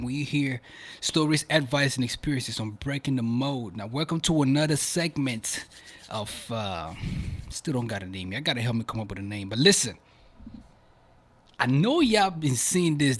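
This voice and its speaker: A young man from Africa hosting a podcast, chatting casually to viewers in animated slang. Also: medium pitch. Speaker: podcast host. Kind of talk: casual video commentary.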